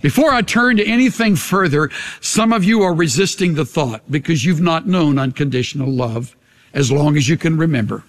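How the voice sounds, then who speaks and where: Older guy preaching a sermon, slightly high voice, big echoey church hall. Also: expressive, normal speed. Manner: earnest, dramatic swings from hushed to raised. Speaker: pastor. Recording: long hall reverb.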